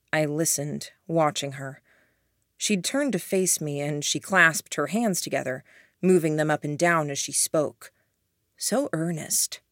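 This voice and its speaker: Low-voiced woman narrating an audiobook. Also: slow pace, no room sound, studio quality. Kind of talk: first-person audiobook narration.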